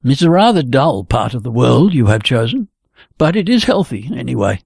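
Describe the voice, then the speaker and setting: A hearty, talkative young man chats breezily and bluntly, as a male reader plays him, his voice gravelly and husky. It sounds close and dry, with no room around it. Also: mid-range voice, sing-song, moderate pace, a little mellow, dry recording, exaggerated voice. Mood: breezy.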